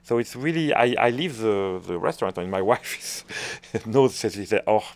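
A middle-aged conductor from France speaks English with a clear French accent. His voice sits low with a gravelly fry. He answers interview questions thoughtfully, pausing and restarting as he searches for words. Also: lively intonation, dry recording.

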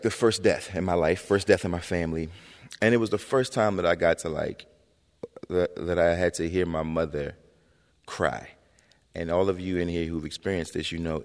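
A man in his thirties with a very low, gravelly voice tells stories to an audience. He is animated and slangy, often asking "right?" as he talks. The sound rings with a long reverb from a large hall. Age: 30s. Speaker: author, interview guest. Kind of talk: conversational storytelling on stage.

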